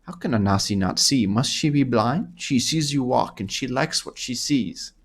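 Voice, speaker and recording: A man's voice: mid-range voice, lively intonation, slow, fairly bright tone, slightly rough, heavily acted. A man voicing a coy, scheming female cat-folk thief who speaks of herself in the third person, coaxing and purring as he reads game dialogue aloud. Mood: wheedling.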